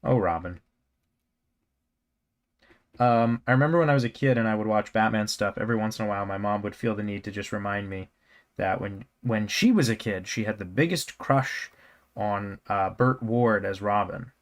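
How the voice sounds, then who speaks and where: A man's voice: fairly low pitch, normal speed. Rambling self-mocking man on a live stream. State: scratchy throat. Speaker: cartoonist streamer. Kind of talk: casual live-stream chat while drawing.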